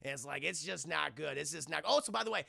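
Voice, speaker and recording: A man's voice: a little high, animated, quick pace, gravelly, bright, forceful tone, husky, no echo, studio quality. A man streaming a rambling, profane film recap, laughing and acting out scenes as he talks to chat. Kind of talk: casual livestream chat.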